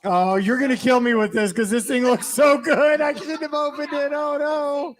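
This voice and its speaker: A man co-hosting a live podcast chat at a charity event, excitable and laughing a lot. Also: extremely high pitch, normal speed. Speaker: podcast co-host. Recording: crowd noise behind.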